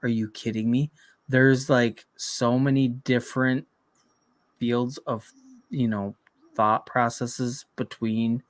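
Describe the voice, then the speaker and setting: A man's voice: mid-range voice, a bit bright, no room sound. A man in his thirties co-hosting a podcast, talking in a blunt, profane, rambling way in casual chat. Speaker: podcast co-host.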